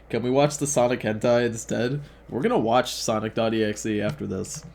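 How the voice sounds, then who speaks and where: A man's voice: lowish voice, steady tone, normal speed, vocal fry, darkish tone, slight background noise. A young man reading fan fiction aloud as host, breaking off for sarcastic, profane asides that mock the text.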